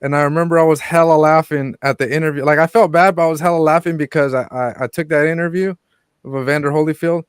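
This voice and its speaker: A man's voice: a little high, fairly even intonation, fast talker, clean tone, dry recording, clean studio sound. A man co-hosting a casual boxing talk show, telling stories bluntly and with swearing. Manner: blunt, profane storytelling. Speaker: podcast co-host.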